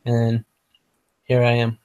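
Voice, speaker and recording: A man's voice: medium pitch, completely flat delivery, takes it slowly, a little mellow, clear, resonant tone, lo-fi sound. Man host, casual hangout talk: profane, rambling, trips over words now and then. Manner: profane, rambling, full of fillers; sometimes stumbles over words. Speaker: motovlog host.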